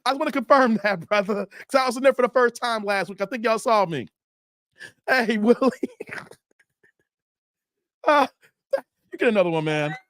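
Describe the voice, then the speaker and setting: A man's voice: sits high, normal speed, long pauses, fairly bright tone, dry recording. A man hosting a live stream, joking and laughing while reading chat aloud. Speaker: livestream host.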